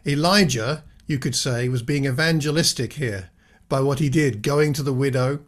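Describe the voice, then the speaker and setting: Male preacher, mid pitch, earnest and reflective, often restarts and asks rhetorical questions. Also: normal speed. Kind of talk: reflective Bible teaching.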